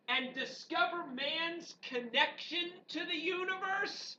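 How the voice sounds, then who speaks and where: A woman history teacher giving an animated, joking classroom lecture full of rhetorical questions to her students. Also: high voice, a little slow. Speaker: high school history teacher. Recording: dull, distant classroom recording with faint background noise.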